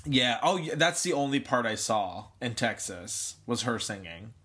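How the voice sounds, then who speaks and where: A man's voice: medium pitch, expressive, a little slow, pushed and bright, breathy edge. A man co-hosting a podcast in casual chat, easygoing with short replies, on a studio mic. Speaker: podcast co-host. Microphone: studio microphone with cheap headphones.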